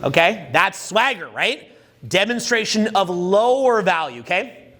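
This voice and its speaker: A man with a high voice leads a live dating seminar. He talks crudely and jokes constantly. He keeps quizzing the audience and has them repeat key terms back. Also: animated, a little slow, pushed and bright. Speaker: dating coach.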